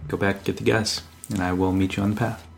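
A man's voice: sits low, little pitch movement, quick pace, vocal fry, soft background music. A man playing a tabletop game, answering in short, terse remarks. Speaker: player. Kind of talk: casual game table chat.

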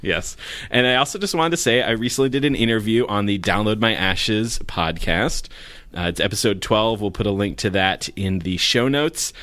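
Low-voiced man co-hosting a podcast. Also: normal speed, a bit bright, no echo. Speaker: podcast co-host. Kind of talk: casual podcast chat.

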